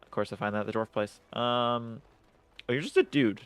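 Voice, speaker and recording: A man's voice: mid-range voice, normal speed, a bit bright, clear, resonant tone. A man streaming a game, chatting casually with lots of swearing, self-mocking jokes and laughter. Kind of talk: casual gameplay commentary.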